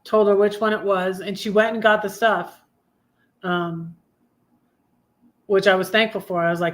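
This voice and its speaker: With a medium-pitched voice and fairly even intonation, a fifty-something woman talks at normal speed on her livestream, pausing for long stretches. Her casual personal stories ramble and confide, full of self-corrections.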